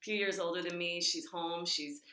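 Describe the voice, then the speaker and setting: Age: 40s. Sex: woman. Role: podcast guest, golf and fitness trainer. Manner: animated storyteller. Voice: bright and forceful. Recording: echoey room. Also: fairly low pitch, moderate pace. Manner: animated, acts out her own inner voices. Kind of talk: casual storytelling in a podcast interview.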